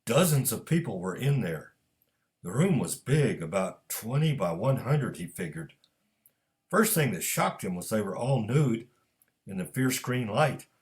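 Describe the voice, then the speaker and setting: A man reading his own fiction aloud as scripted narration, measured and steady. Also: medium pitch.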